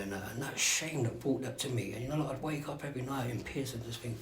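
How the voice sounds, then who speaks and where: A man's voice: medium pitch, fast, few pauses. A man gives a candid, rambling personal share at a recovery meeting, swearing freely and often asking whether listeners know what he means. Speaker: speaker sharing at a recovery meeting. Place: meeting room. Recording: echoey room with faint background noise.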